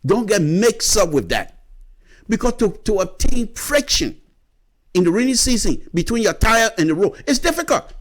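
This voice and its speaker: Liberian man, radio commentator, high and highly animated delivery, lecturing tone. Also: normal speed. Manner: lively, lecturing, repeats words while explaining. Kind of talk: opinionated radio talk.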